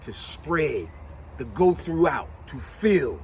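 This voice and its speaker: Man, vlog host, high and very lively voice, storyteller energy, faint hiss behind. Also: takes it slowly. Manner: animated storytelling, acts out quotes. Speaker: vlogger host. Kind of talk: casual motivational monologue.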